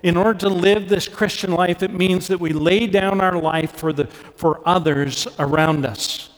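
A middle-aged man from Canada preaching a sermon as a pastor, earnest, lifting his voice for emphasis and dropping soft when he turns personal. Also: high voice, fairly even intonation, measured pace. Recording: long hall reverb.

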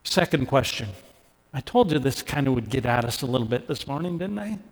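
A middle-aged man from Canada preaching a sermon as a pastor, earnest, lifting his voice for emphasis and dropping soft when he turns personal. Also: mid-range voice, lively intonation, a little fast. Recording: long hall reverb.

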